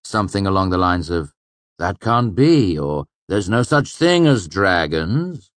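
A man with a low voice reading the lines of a wry, weary male innkeeper and storyteller, with dry, pointed teasing. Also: unhurried, no room sound.

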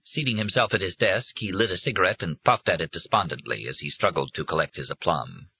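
A man reading a novel aloud as an audiobook narrator, in measured scripted narration. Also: low-pitched, animated, vocal fry, sharp tone, breathy edge, dry recording. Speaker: audiobook reader. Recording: dry, dull lo-fi recording.

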